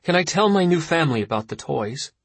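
A man puts on a young boy who is anxious and curious. The voice rises high above the narrator's own and sounds eager and pleading. It stays husky, in a dry, close storybook reading. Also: big pitch swings, a little fast, dry recording, exaggerated voice.

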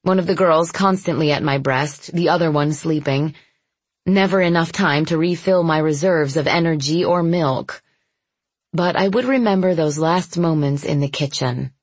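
Husky low-voiced woman narrating softly. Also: no echo. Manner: soft, intimate, measured. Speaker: audiobook narrator. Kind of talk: first-person audiobook narration.

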